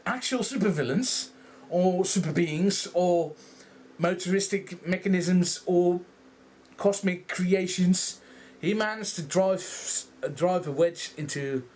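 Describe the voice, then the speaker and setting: A young man with a Dutch accent, rambling through a casual, animated movie review and swearing freely. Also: on the high side, a little hiss or hum. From Netherlands. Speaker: vlogger.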